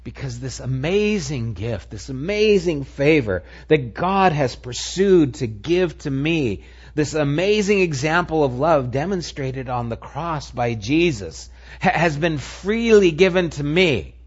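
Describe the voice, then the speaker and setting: Male pastor, sermon delivery, husky and unhurried, swings from emphatic to hushed. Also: on the high side, muffled recording. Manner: shifts between animated emphasis and hushed near-whispers.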